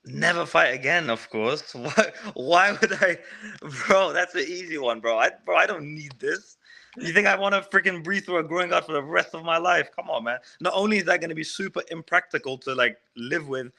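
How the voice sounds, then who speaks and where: Young male fighter on a video call, bright and forceful, emphatic, peppers every answer with bro. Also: on the high side, normal speed, vocal fry. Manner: emphatic, keeps saying bro and man. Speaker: MMA fighter. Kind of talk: casual remote interview.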